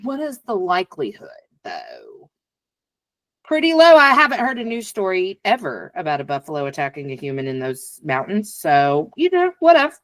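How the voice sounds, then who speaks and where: A woman's voice: on the low side, huge pitch swings, moderate pace, dry recording. A woman in her forties hosting a podcast, talking candidly and acting out her own inner voices in casual conversation. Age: 40s. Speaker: podcast host.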